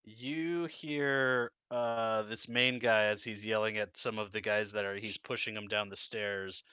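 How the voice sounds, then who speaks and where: A man narrating a tabletop game as game master, animated and often laughing. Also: fairly low pitch, measured pace, clean tone, no room sound.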